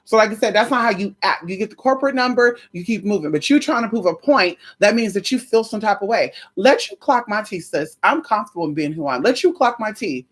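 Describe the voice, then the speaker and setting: A woman's voice: medium pitch, fast, few pauses. A woman vlogging casually, telling a story in a sassy, gossipy way and swearing freely as she talks to her viewers. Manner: dramatic, expressive delivery.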